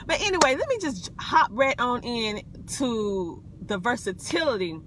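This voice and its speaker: A woman's voice: a little high, sing-song, a little slow, a crowd in the background. A woman from South Carolina with a Southern accent, chatting casually on a live video from inside her car, folksy and full of ums. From South Carolina, USA. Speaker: wellness vlogger.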